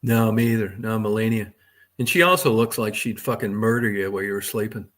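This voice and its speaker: A man's voice: on the low side, a little fast, fairly bright tone. Middle-aged male streamer, crude and rambling, swears freely, addresses his chat. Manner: talks to chat viewers by name. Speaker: livestream host. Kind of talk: casual livestream chat.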